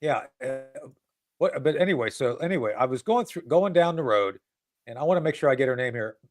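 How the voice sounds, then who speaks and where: A man's voice: medium pitch, expressive, a little fast. A man hosting a casual political talk show. He rambles and mocks, with many restarts and asides.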